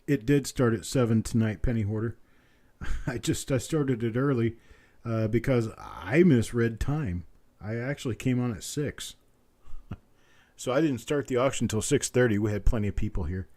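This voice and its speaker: A man hosting a live coin auction, calling bids over and over between chatty asides, his voice a little rough tonight. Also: mid-range voice, dark tone. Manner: repetitive rapid bid calling, chatty asides. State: slightly rough voice. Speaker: auctioneer and host.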